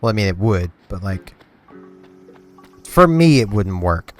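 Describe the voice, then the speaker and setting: A young man with a lowish, smooth, clear voice rambles in an easygoing way, dotting his talk with "like" as he plays. Soft game music sits faintly behind him. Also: a little slow. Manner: rambling, relaxed, with many "like" fillers. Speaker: gaming channel host. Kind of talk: casual chat while playing a game.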